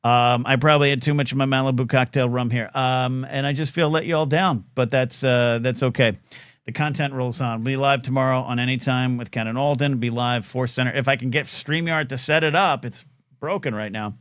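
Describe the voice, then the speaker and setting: A man hosts a live call-in show from his apartment, sounding low on energy and a little scattered. He rambles in a self-deprecating way and keeps breaking off to talk to his dog. His voice sits at an ordinary middle pitch, close on a desk mic with a dry sound. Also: fairly even intonation, brisk, a bit bright, clear, resonant tone, no echo. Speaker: host. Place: apartment at home. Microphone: desk microphone.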